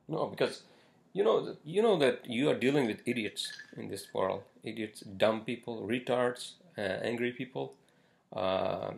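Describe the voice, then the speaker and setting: A man's voice: lowish voice, gravelly. A man hosting a casual solo podcast, ranting bluntly with lots of swearing and filler words. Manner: blunt, profane, rambling with many fillers. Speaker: podcast host.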